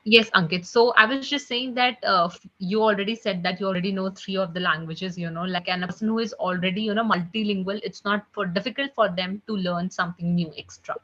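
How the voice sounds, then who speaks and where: A woman's voice: mid-range voice, brisk, hardly any pauses, a bit bright. A woman tutoring a live online French class, chatty and repeating "guys" and "okay" often, heard over a video call. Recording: muffled video call audio.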